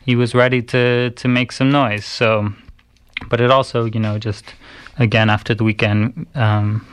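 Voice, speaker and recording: A man, a radio host, telling a personal story in a halting way with many pauses and restarts. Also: medium pitch, flat delivery, clear, resonant tone.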